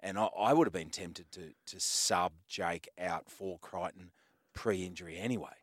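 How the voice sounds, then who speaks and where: A man's voice: low voice, normal speed, no echo. Man, sports radio panelist, jokey rants, dry studio sound. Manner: joking, animated rants. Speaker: radio panelist, ex-player turned actor. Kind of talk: casual sports radio chat.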